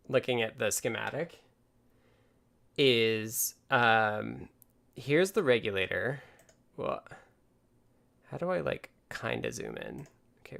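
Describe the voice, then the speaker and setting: Gravelly-voiced man hosting a stream. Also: medium pitch, fairly bright tone. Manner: thinking aloud, explaining step by step. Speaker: livestream host. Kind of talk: casual live-stream chat. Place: home workspace.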